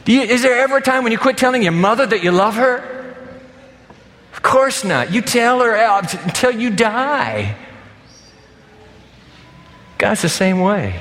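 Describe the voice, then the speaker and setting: A man's voice: very high-pitched, a little slow, pauses often, long reverb tail. Older male pastor preaching, conversational. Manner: animated, conversational, emphatic. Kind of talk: sermon. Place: church sanctuary.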